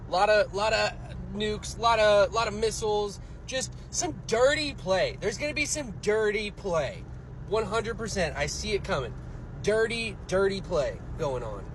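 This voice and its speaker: High-voiced man ranting outdoors. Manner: rambling, repeats himself. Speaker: vlogger. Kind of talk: casual rant. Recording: noisy outdoor street sound.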